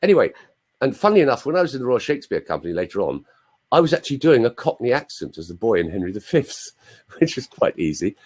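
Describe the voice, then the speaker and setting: Husky older English man, lively storyteller. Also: mid-range voice, fast talker. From London, England. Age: 60s. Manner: playful, chatty, teasing the audience with asides. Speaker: voice coach, interview guest. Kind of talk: anecdotal interview storytelling. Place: live online video chat room.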